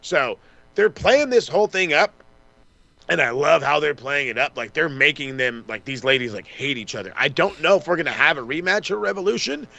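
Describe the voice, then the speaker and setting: A man co-hosting a podcast, casually recapping wrestling with lots of swearing and quick mocking impressions of the wrestlers. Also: on the high side, animated, creaky, pushed and bright. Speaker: podcast co-host.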